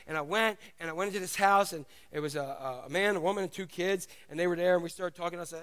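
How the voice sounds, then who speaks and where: A middle-aged man preaching a sermon, telling stories in an animated, casual way. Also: high voice, fast talker, few pauses. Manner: animated storytelling, casual asides. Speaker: pastor.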